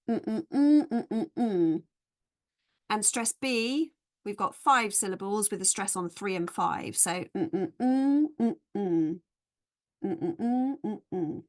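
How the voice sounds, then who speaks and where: A woman leading a live webinar for teachers, explaining activities clearly and patiently, modelling stress patterns slowly. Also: fairly high pitch, a bit bright. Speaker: English teacher trainer.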